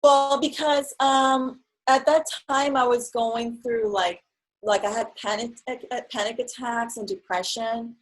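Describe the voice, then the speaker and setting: Young woman, bit high voice, chatty storyteller doing little voices for quotes. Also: a little slow, poor audio. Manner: animated storyteller, acts out quotes. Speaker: guest. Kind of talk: casual conversation.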